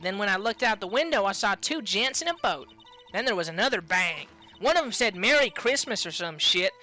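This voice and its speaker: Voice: medium pitch, lively intonation, fairly quick, pushed and bright, soft background music. A streamer voicing a brash country woman witness with a put-on drawl. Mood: grumbling. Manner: drawling, folksy. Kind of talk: reading game dialogue aloud.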